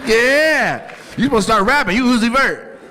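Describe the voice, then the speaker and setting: A man doing stand-up crowd work on a club stage, teasing audience members in a loud, playful way, laughing often. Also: extremely high pitch, fast. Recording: live club audio with audience noise.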